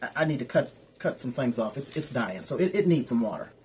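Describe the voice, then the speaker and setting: A woman with a bass voice, animated and brisk with a slightly mellow quality, shows off her house plants against slight background noise. As a plant care vlogger giving casual how-to chat, she drifts off topic and trips over plant names.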